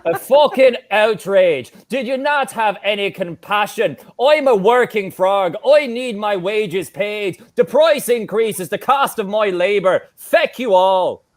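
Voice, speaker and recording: A man's voice: sits high, lively intonation, takes it slowly, hardly any pauses. A man voicing a foul-mouthed, outraged male frog who has lost his job, with a Welsh accent, ranting crudely. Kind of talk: improv comedy character.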